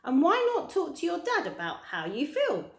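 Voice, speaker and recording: A woman voicing a kindly, polite old male tramp with gentle, old-fashioned manners, in a roomy-sounding recording. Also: sits high, wildly swooping pitch, moderate pace, voice pushed up, exaggerated voice. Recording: roomy echo.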